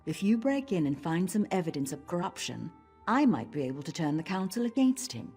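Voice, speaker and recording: An actress voicing a stern dark elf woman who serves as a tower steward in a video game, speaking in a measured, formal way. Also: lowish voice, very animated, slightly rough, soft background music. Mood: grave. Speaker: game character.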